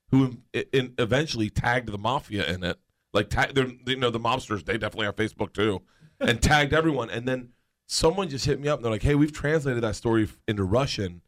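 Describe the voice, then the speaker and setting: Animated man telling wild stories. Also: mid-range voice. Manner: animated, laughs often, acts out voices in stories. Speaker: guest storyteller. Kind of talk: casual chat, anecdote telling.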